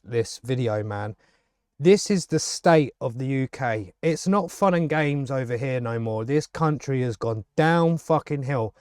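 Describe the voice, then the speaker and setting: A man's voice: a little high, darkish tone, no echo, studio quality. A man ranting angrily to camera, swearing heavily and sounding exasperated. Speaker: vlogger. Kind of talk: angry political rant to camera.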